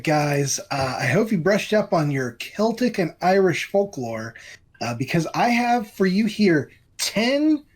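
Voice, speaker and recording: A woman with a low, husky voice hosts a trivia round on a casual podcast. Her pitch swings widely, and she jokes as she goes. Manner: animated and joking, reacting with laughs. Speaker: podcast co-host and trivia quizmaster. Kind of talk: casual chat.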